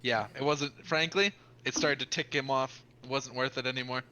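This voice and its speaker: A man playing a tabletop game, talking casually with a dry, deadpan humor. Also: medium pitch, normal speed, a little hiss or hum. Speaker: player. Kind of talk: casual tabletop role-play.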